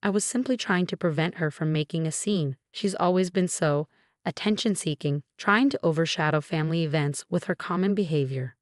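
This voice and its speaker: A woman's voice: low voice, fairly quick, no echo, clean studio sound, natural voice. A woman reading as an icy, snobbish mother-in-law. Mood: cold, dismissive. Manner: smooth, icy, dismissive.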